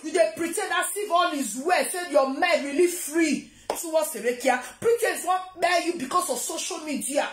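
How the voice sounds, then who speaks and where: A woman's voice: high voice, moderate pace, hardly any pauses, a little hiss or hum. A Nigerian woman vlogger ranting to camera, scolding and taunting someone. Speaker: social media vlogger. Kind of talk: confrontational rant to camera. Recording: roomy echo.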